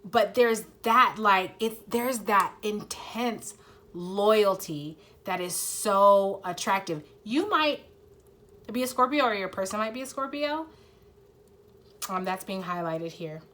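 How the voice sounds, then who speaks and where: A tarot reader gives her viewers a casual, earnest reading in a medium-pitched, somewhat bright voice, speaking slowly but animatedly. She swears freely, uses plenty of fillers, and fights back tears.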